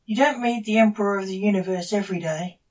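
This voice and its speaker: An impatient grey alien diplomat, voiced by a woman reading aloud. He urges and hurries, his lines a bit quicker and higher than the narration. The voice sits a little away from the mic. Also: animated, darkish tone, recorded from a distance. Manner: brisk, urging.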